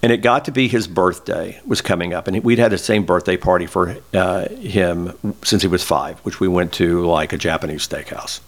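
Older man, very low voice, emotional candid storytelling. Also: normal speed, hardly any pauses. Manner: emotional, candid, close to tears. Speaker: guest. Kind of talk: personal storytelling in an interview.

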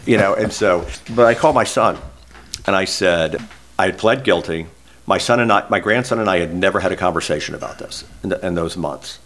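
Older man, very low voice, emotional candid storytelling. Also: brisk, fairly bright tone, a little hiss or hum. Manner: emotional, candid, close to tears. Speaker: guest. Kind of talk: personal storytelling in an interview.

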